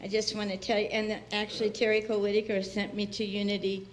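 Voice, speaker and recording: This is a fast-talking woman with a medium pitch and a completely flat delivery, heard over slight background noise. As a guest minister in a church sanctuary, she gives a conversational, personal sermon, laughing frequently and acting out those she quotes.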